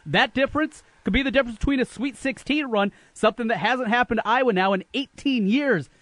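Emphatic high-voiced male radio host. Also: brisk, no room sound. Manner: animated, emphatic, opinionated. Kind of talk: sports talk radio. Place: radio studio.

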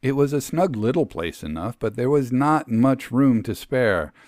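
A man narrating a literary story in the first person, measured and storytelling. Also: mid-range voice, expressive, darkish tone, no room sound. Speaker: reader.

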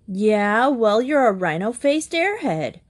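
A woman voicing a young boy who is rude and defiant, shouting insults in a storybook reading. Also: fairly low pitch, expressive, moderate pace.

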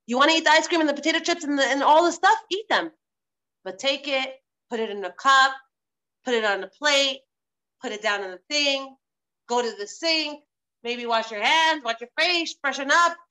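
A woman's voice: high voice, a bit bright. A woman teaching a live online religious class, stressing points by repeating phrases, over a video call.

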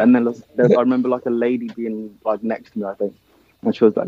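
A young Nigerian man who drums in a band chats casually in an interview, his voice on the low side and brisk. He's relaxed and heavy on fillers, saying "um," "man," and "dude" a lot, and the recording sounds muffled.

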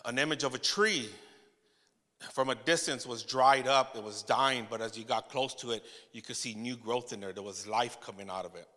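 Guy preaching a story to his church, keeps restarting and laughing, bright tone, big echoey hall. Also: mid-range voice. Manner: storytelling, quoting himself, halting restarts, laughing asides. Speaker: pastor. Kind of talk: sermon testimony.

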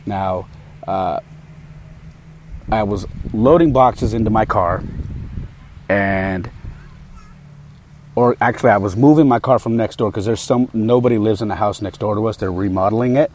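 A man's voice: fairly low pitch, moderate pace, long pauses, a little mellow, a little hiss or hum. A man hosting a podcast, telling a story in a candid, heated, casual way with frequent fillers. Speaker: podcast host.

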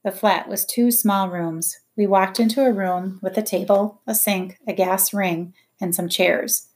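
Audiobook reader, woman, first-person narration, measured and quiet, mid-range. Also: mid-range voice, fairly even intonation.

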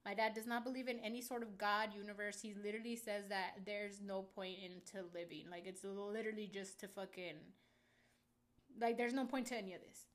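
A woman's voice: mid-range voice, fairly even intonation, brisk. A young woman telling a casual storytime to her viewers, rambling with lots of fillers and swearing and calling out to them as guys. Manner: talks straight to viewers as "guys". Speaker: vlogger.

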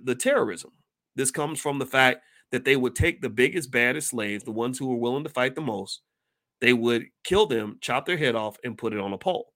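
Man reading aloud with animated asides. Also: medium pitch. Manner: reads passages then breaks off into animated asides; restarts and stumbles over words when reading. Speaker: commentator reading from a book. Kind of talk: casual commentary reading aloud.

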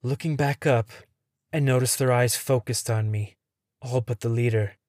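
A man reading a first-person horror story in a tense, suspenseful way, dropping to a hush at the scary moments. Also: medium pitch, fairly even intonation, normal speed, no echo, studio quality.

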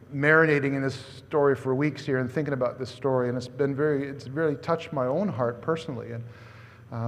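Pastor guy preaching, kinda high voice, gets loud then goes real quiet, long echo off the walls. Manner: animated, conversational preaching with swings from loud to hushed. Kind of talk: sermon. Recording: long hall reverb.

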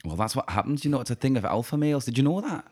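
A man's voice: mid-range voice, lively intonation, very fast, a little mellow, husky. A man hosting and acting in an improv comedy scene, earnest and prone to repeating himself. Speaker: improv podcast host.

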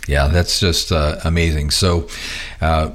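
A man's voice: rumbling low, little pitch movement, measured pace, fairly bright tone. A man hosting a ministry podcast, jovial and easygoing, laughing easily between questions. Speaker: podcast host. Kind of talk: podcast conversation.

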